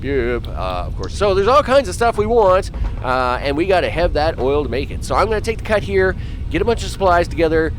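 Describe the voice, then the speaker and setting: A man giving rambling, casual commentary on his gameplay as host, full of fillers and asides to enemies. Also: medium pitch. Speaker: gaming channel host.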